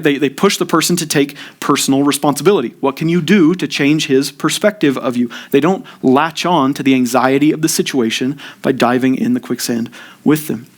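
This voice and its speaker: A man preaching a sermon at a church service in an earnest way, his voice rising with emphasis when he acts out people's complaints. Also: a little high. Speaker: pastor.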